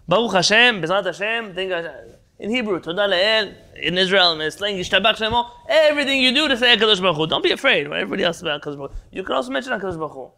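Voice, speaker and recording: Bright, gravelly-voiced man teaching a class. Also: high-pitched, lively intonation, very fast. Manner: explains Hebrew terms, quizzes the class, jumps around. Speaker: Torah teacher. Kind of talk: online Talmud class. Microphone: video call.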